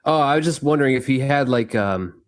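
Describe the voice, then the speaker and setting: A man's voice: medium pitch, lively intonation, fairly quick, dry recording. A man on a podcast panel talks with curious enthusiasm and wanders through his points as he goes. His voice moves up and down with energy. The sound is dry and close. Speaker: podcast co-host. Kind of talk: casual roundtable chat.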